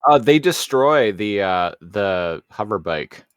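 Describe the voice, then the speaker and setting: A man co-hosting a podcast in casual chat, halting and sheepish, laughing easily. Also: fairly low pitch, animated, clean tone, no echo, clean studio sound. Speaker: podcast co-host.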